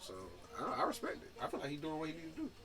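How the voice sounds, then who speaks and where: A young man co-hosting a casual podcast chat, giving quick, emphatic opinions. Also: a little high, sing-song, a crowd in the background. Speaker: podcast co-host.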